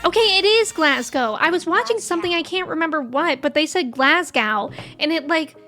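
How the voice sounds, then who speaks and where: A woman's voice: very high-pitched, lively intonation, normal speed, bright, forceful tone, faint music behind. A young American woman streaming a game, chatting casually and rambling with viewers, laughing often. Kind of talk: casual chat with live viewers.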